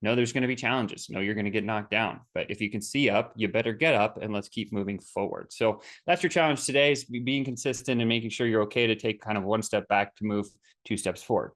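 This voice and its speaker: A man presenting a motivational business webinar, telling stories in a casual, upbeat way with energetic asides. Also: fairly low pitch, fast talker, few pauses. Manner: energetic storytelling with acted quotes; casual, upbeat, repeats words.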